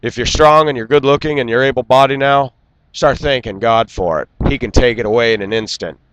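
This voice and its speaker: A man delivering an indignant, lecturing rant straight to camera and clearing his throat now and then. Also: mid-range voice, fairly quick, fairly bright tone, no echo, rough recording. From United States. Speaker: vlogger. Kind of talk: ranting monologue.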